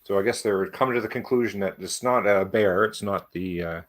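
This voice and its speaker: A man's voice: lowish voice, fairly quick. A man hosting a casual comic book breakdown, laid-back and laughing often. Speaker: comic review host.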